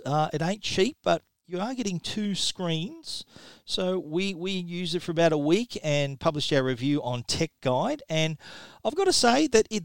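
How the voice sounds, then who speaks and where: A man's voice: high-pitched, clean tone. A man hosting a tech podcast, chatting with a guest and reading sponsor spots in a friendly, upbeat way. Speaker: podcast host. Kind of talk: tech podcast interview and ad reads.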